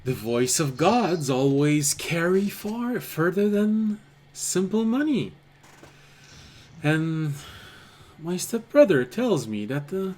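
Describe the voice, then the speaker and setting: A man's voice: a little mellow, heavily acted. A man voicing a courteous dragonborn noble. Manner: slow, measured, genteel delivery with sweeping pitch. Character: male dragonborn noble traveler, smooth and courteous. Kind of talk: tabletop game role-play.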